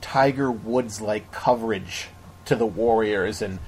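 A man's voice: on the low side, unhurried, darkish tone, slightly rough. A man co-hosting a podcast, chatting casually and opinionated about basketball, rambling with frequent restarts. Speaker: podcast co-host. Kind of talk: casual sports chat.

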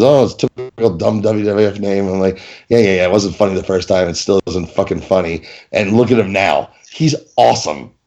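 Profane, lower-pitched man in casual banter. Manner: profane, animated, mock-indignant banter. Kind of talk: casual chat.

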